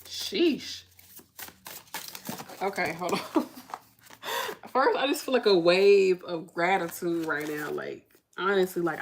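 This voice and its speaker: A woman's voice: lowish voice, a little hiss or hum. Chatty, effusive woman reading tarot. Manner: chatty, effusive, slangy, addresses viewers as y'all. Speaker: tarot card reader. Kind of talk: casual pick-a-card reading.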